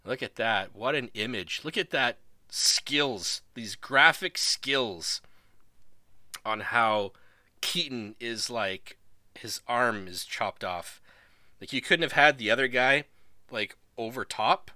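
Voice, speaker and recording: A man's voice: mid-range voice, takes it slowly, pushed and bright, no room sound. A man hosting a live stream, casually commentating a video wrestling show, rambling and laughing as he goes.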